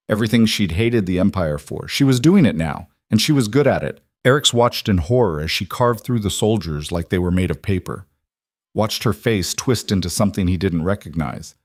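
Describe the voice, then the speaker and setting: A man narrating a dark fantasy story in measured, clipped dramatic phrases. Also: fairly low pitch, no echo, studio quality. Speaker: audiobook narrator.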